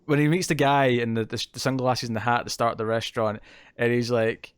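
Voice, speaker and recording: A man's voice: mid-range voice, fairly even intonation, fast talker, smooth, dry recording, clean studio sound. A man co-hosting a podcast in casual chat, rambling and laughing often. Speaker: podcast co-host.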